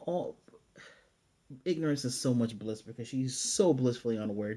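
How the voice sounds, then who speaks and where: A man giving a casual, chatty recap of an anime episode, loose and animated, with fillers and self-corrections. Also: medium pitch. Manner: animated retelling, often paraphrasing the characters' lines. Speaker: anime reviewer.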